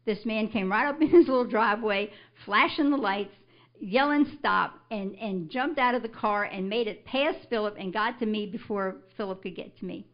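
An older woman recounts her testimony to a church congregation. She tells the story in an animated way and swells into emphatic scripture declarations. The recording is muffled and lo-fi. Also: medium pitch, normal speed. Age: older, a grandmother. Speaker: church member giving a testimony. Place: church service.

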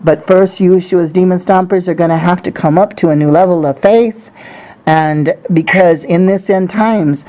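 Woman prophetess, effusive testimony, rambling, slightly low voice. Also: moderate pace, warm tone, poor audio. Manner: effusive, rambling, many restarts, frequent laughter. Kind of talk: emotional testimony to a congregation.

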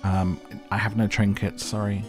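A man's voice: on the low side, little pitch movement, normal speed. A man giving casual commentary while playing a game, with dry, mumbled asides. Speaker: gameplay video host. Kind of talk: casual let's-play commentary. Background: game music.

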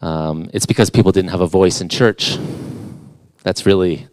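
A man's voice: low voice, normal speed, darkish tone, no room sound. A middle-aged man preaching a conversational sermon as a guest in church, casual and self-deprecating, with playful asides.

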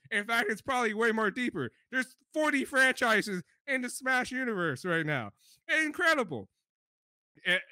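A man with a very bright, high voice talks in a fast, lively rush of excitement. He swears freely and jumps between a high pitch and deep mock voices. The sound is dry and close. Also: no room sound. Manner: animated, swearing, mimics deep voices of company speakers. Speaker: podcast co-host. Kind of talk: excited casual chat.

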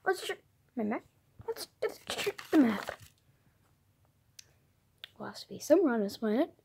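A woman narrating a toy adventure, soft-spoken and musing as she moves the characters along. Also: on the high side, big pitch swings, normal speed, gravelly, background noise. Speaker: toy video storyteller.

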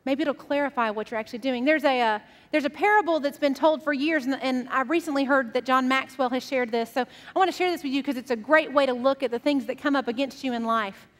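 A woman's voice: high-pitched, fast, hardly any pauses, a bit bright, in a large hall. A woman pastor delivering a sermon in a casual, storytelling way. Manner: conversational, storytelling.

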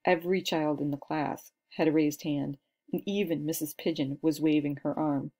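Woman reading a kids book out loud, lowish warm voice, lots of up and down. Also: moderate pace. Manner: expressive storytelling. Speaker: narrator. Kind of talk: reading a children's book aloud.

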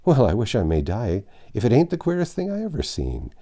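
A man's voice: deep voice, huge pitch swings, moderate pace, mellow, husky, full character voice. A man voicing an old, plain-spoken servant woman with a folksy country dialect, in a storybook reading.

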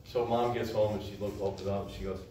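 A man's voice: fairly low pitch, quick pace. Pastor, male, joking storyteller; distant, echoey church sound with noise. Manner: joking, animated storytelling, loud when excited. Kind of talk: sermon with humorous anecdote. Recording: echoey church room from far off, background noise.

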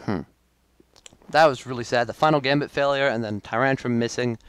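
A man's voice: mid-range voice, brisk, clean tone. A young man giving live commentary on his own game match, frustrated and self-critical, with sudden outbursts. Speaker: gaming video creator.

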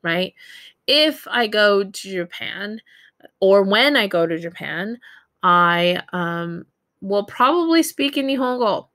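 A woman's voice: mid-range voice, bright, forceful tone, dry recording. A woman teaching a recorded Japanese grammar lesson, explaining in a casual way with many fillers and self-corrections.

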